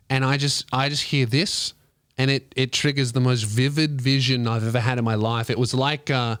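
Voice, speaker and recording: A man host telling a comic story in a rambling, profane way, breaking into loud put-on voices. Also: mid-range voice, no room sound, studio quality. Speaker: comedian host. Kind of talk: stand-up style storytelling.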